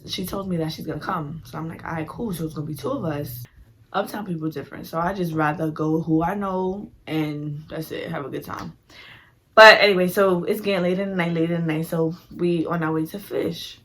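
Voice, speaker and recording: Animated young woman. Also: fairly low pitch, brisk. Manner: animated, slangy, full of "like" and acted-out quotes. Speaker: vlogger. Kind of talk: casual storytime.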